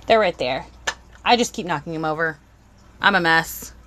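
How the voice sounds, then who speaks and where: A woman's voice: deep voice, moderate pace, sharp tone. A young woman, chatting bubbly on a live stream as she unboxes toys and greets viewers.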